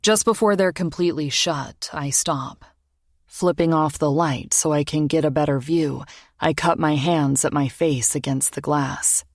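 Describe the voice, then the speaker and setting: A low-voiced woman reads a romance audiobook in a measured, intimate first person. Her delivery is steady and quiet. The recording is dry and close, with no room sound. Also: no room sound. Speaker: audiobook narrator. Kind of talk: scripted narration.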